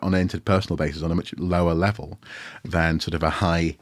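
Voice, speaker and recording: A man's voice: low-pitched, flat delivery, quick pace, dry recording, studio quality. A man co-hosting a casual podcast, telling a rambling, self-mocking story with lots of restarts. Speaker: podcast co-host. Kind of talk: casual anecdotal chat.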